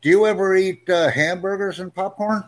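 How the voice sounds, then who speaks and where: A man teaching an English conversation lesson over a video call, upbeat and encouraging, speaking in simple, slowed-down phrases. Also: high-pitched. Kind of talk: live online English lesson.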